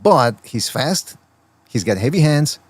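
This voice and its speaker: A man hosting a boxing podcast who breaks down fighters in casual chat, analytical and quick to chuckle. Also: medium pitch, sing-song, slightly rough, dry recording. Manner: analytical, given to chuckles and playful mimicry.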